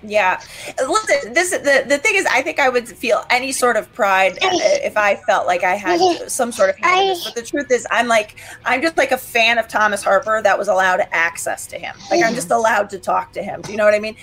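A woman's voice: on the high side, expressive, a little fast, a bit bright. A woman, a coach, talking animatedly and emotionally, with laughs and sarcasm. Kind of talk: post-match interview chat.

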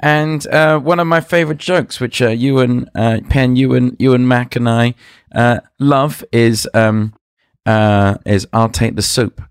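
Man, podcast guest, rambling, hesitant, mid pitch, dry close mic. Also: measured pace, smooth, no room sound. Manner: rambling, hesitant, full of uh and restarts. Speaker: guest magician. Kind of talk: casual podcast chat.

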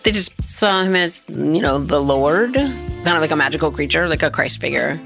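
Low-voiced woman recalling in a preview clip. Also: expressive, normal speed, creaky, a bit bright, soft background music. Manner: loose and conversational, full of hedges. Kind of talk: casual recollection.

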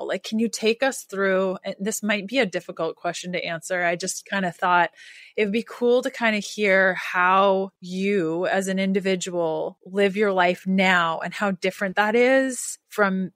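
A woman's voice: mid-range voice, a little slow, fairly bright tone, dry recording. A woman hosting a podcast, asking curious, rambling questions full of filler words. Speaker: podcast host. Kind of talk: casual interview chat.

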